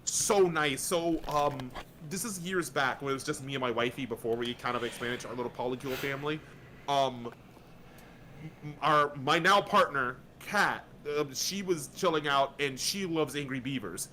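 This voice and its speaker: A man from Florida, a guest on a casual podcast, telling lively stories and swearing freely. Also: medium pitch, slight background noise. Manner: animated storyteller, slips into quick voices, swears freely.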